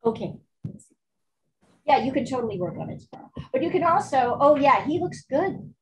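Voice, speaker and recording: A woman's voice: high-pitched, big pitch swings, normal speed, low-quality recording. A woman art teacher talking casually through a live online painting class, candid and chatty, cursing now and then.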